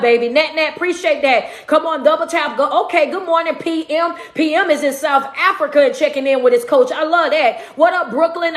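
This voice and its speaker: A woman motivational speaker and coach on a phone livestream, energetically shouting out viewers and then talking about friendships. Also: sits high. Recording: echoey room.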